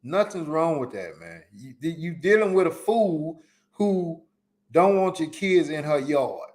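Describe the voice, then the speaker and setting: A man's voice: on the high side, big pitch swings, a little slow, darkish tone. A man hosting a solo live podcast, giving emphatic, repetitive advice in casual slang. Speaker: podcast host. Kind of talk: solo live-stream commentary.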